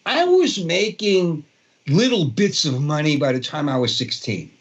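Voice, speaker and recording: In this casual storytelling interview, a sixty-something guitarist from Brooklyn, New York, rambles through his tales in a Brooklyn accent, with plenty of fillers and restarts. He sounds a little high and husky, very animated yet unhurried. The recording is muffled.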